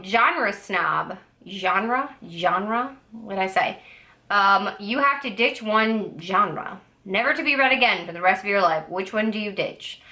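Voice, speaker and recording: A young woman with a bright, forward voice talks casually to her camera about books. She rambles, fills her sentences with "like" and "I don't know", and drops playfully sassy asides along the way. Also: medium pitch. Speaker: book vlogger. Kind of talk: casual chat.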